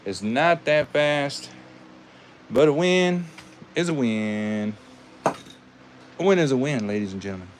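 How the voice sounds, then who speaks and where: A man's voice: medium pitch, lively intonation, slight background noise. A man with a Southern US accent, hosting a live toy car race and giving casual, folksy commentary. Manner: folksy, drawn-out, says "y'all". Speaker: host racing toy cars.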